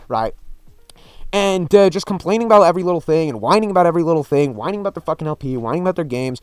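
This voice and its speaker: A man's voice: a little high, expressive, rapid-fire, smooth, no room sound. A man ranting about a video game in a vlog, profane, exasperated and repetitive. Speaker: gaming commentator.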